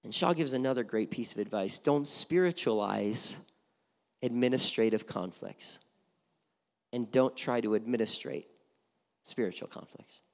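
Gravelly-voiced man preaching in a reverberant hall. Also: mid-range voice, unhurried. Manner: conversational, repeats words when starting a thought. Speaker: pastor. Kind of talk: sermon.

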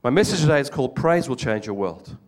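A man's voice: medium pitch, fast. An older man with an Australian accent preaching a sermon, telling stories with jokes and acting out the voices of people in them. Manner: animated storytelling with jokes, acts out quoted voices.

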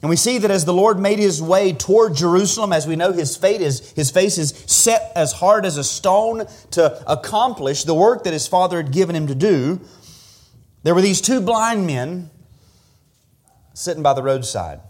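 A man's voice: high-pitched, lively intonation, normal speed, a little mellow. A man preaching an expository sermon as pastor, earnest and teaching verse by verse, often repeating a word as he restarts.

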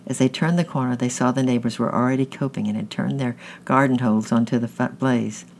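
A man's voice: medium pitch, fairly even intonation, fairly quick, vocal fry, slight background noise. A man reading a children's novel aloud in a plain way, often slipping and restarting words. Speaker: audiobook reader.

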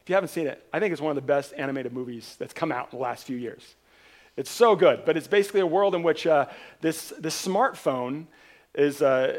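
Man, pastor, sermon, animated storytelling, fairly high-pitched voice, emphatic repeats.

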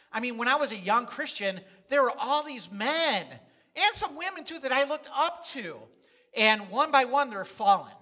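A man's voice: extremely high pitch, lively intonation, moderate pace, bright, forceful tone, dull audio. A man preaching a sermon as a pastor, telling stories in a conversational way.

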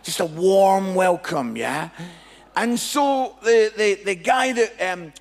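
A Scottish man, a Christian comedian, telling a humorous testimony in an animated, jokey storytelling way. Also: high voice, slow pace, long reverb tail. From Scotland.

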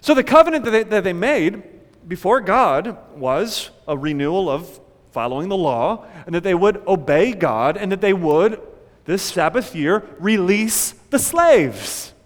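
A male pastor preaching an animated sermon, acting out panicked prayers along the way. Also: sits high, a little slow, in a large hall.

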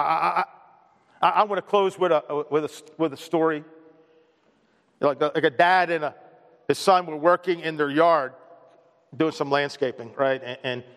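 Chatty pastor in a reverberant church. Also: male voice, on the high side, fairly bright tone. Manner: repeats words as he restarts, chatty and familiar with the congregation. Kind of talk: casual conversational sermon. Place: church sanctuary. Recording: long hall reverb in a church.

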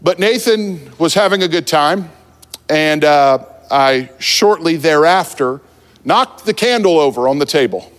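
A man from New Jersey preaching a sermon, telling a funny story about himself in a relaxed, conversational way from the pulpit. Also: fairly high pitch, a little slow. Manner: humorous, self-deprecating, conversational. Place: church sanctuary at the pulpit. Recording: long church hall reverb.

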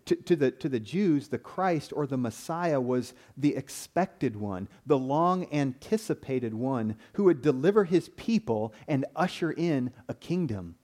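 Earnest male preacher, warm low-key tone. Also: lively intonation, a little slow, hardly any pauses. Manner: earnest, repeats words when starting phrases. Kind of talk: sermon.

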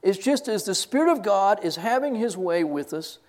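A man's voice: high-pitched, moderate pace. An older man teaching from a Bible passage to students in a sermon style, laughing and getting choked up as he tells stories. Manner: animated, laughs and chokes up while telling stories. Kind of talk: classroom sermon.

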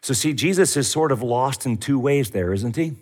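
A man's voice: mid-range voice, expressive, normal speed, darkish tone. A middle-aged man preaching a sermon as pastor, telling the story with animation and acting out the voices in it.

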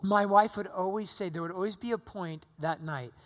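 A middle-aged man who is a pastor gives a sermon in a church sanctuary at a normal speed, talking conversationally and using rhetorical questions as he recovers from pneumonia. His voice is high-pitched, and the hall reverb is long.

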